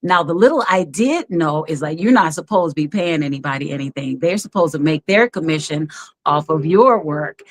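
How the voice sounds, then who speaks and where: A woman who works as a background actor, telling stories in an animated, chatty way as a talk-show guest, often laughing. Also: low-pitched, moderate pace. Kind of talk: casual storytelling chat.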